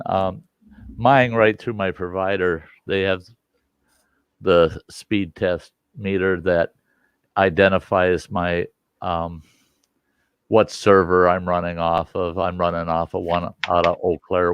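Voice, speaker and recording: A man hosts a relaxed livestream chat, walking through technical details in a loose, rambling way. His voice sits very low and moves slowly. The sound is close and dry, with no room around it. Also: gravelly, smooth, no room sound, highs cut off. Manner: rambling, explains tech step by step. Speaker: livestream host. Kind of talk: casual chat.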